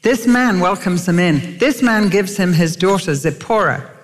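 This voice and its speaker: A woman's voice: lowish voice, expressive, measured pace. Older woman preaching in a reverberant hall. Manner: earnest, storytelling, emphatic. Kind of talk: sermon.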